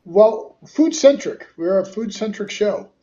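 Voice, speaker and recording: A man's voice: on the high side, expressive, a little fast, a little mellow, dull audio. A man co-hosting a casual talk show, teasing his partner with quiz-style banter. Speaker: podcast co-host. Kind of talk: casual chat.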